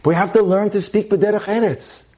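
A man's voice: sits high, steady tone, a little fast, a little mellow. Emphatic man giving a Torah class. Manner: emphatic, repeats phrases for stress, drops in Hebrew terms. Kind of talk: relationship lecture.

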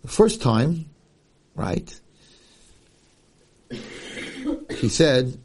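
A husky-voiced rabbi delivers a story-driven Torah lecture, his pitch swinging widely as he goes. He acts out each person in the tale and hammers home his main points by repeating them. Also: fairly quick. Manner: animated, acts out the people in his stories; emphatic, repeats key points.

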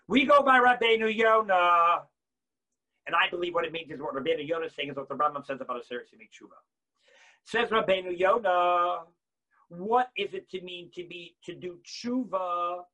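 With a high voice, a man delivers an animated Torah talk about repentance. His volume swings from loud bursts down to near-whispers.

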